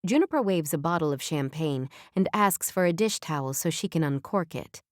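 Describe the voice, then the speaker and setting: A woman narrating a romance audiobook in first person, reading evenly and clearly in a studio. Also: low voice, expressive, normal speed, few pauses, a little mellow, no room sound.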